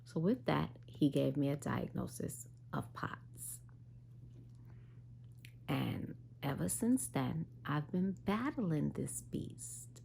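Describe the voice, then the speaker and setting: A woman vlogger casually telling a personal story, animated, tired and unwell. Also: sits low, slow, creaky, slight background noise. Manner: animated retelling, quoting others in dialogue.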